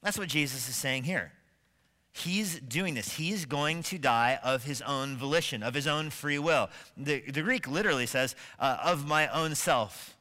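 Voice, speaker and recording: Emphatic pastor with a bright voice. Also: male voice, medium pitch, lively intonation, normal speed, big-room sound. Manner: emphatic, building to forceful stresses; asks rhetorical questions of the congregation. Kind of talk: sermon. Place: church sanctuary.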